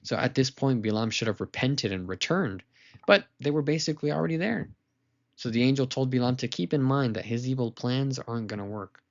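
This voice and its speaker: A man teaching a weekly lesson to children, retelling a story in a lively, casual way with asides to listeners. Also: medium pitch, a little fast, lo-fi sound.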